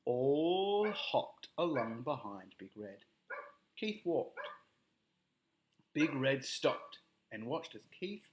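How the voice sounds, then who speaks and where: Slow, expressive male storyteller. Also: mid-range voice. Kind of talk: reading a children's story aloud.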